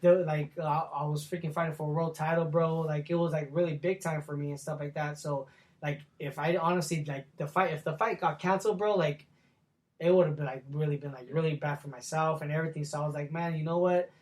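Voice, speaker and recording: A man's voice: a little high, steady tone, fairly quick. A young man, a professional boxer, telling stories in a casual sit-down interview, talking loosely with lots of slang and swearing. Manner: loose slangy talk, full of "like" and "bro", swears freely.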